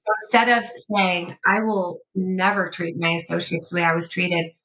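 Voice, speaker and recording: A middle-aged woman hosts a podcast, rambling through a casual interview chat and dropping "like" constantly. Her voice is lowish and a bit bright, with a steady tone and normal speed, captured on a rough recording.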